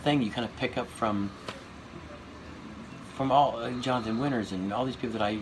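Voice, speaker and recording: A man in his fifties, a comedian guest, telling stories in a casual interview, animated and profane, often restarting his sentences. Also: medium pitch, fairly quick. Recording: noisy recording.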